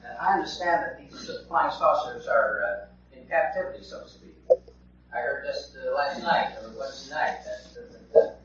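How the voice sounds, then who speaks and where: A man's voice: mid-range voice, animated, moderate pace, pauses often, fairly bright tone. A man in the audience asking a hesitant question, full of fillers and restarts. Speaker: audience member. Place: meeting hall. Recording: echoey hall, dull 1950s tape, crowd behind.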